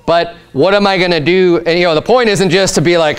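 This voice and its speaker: A man's voice: high voice, normal speed, hardly any pauses, clean tone. A pastor preaching a sermon in a conversational, earnest way, often restarting his sentences. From United States. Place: church sanctuary.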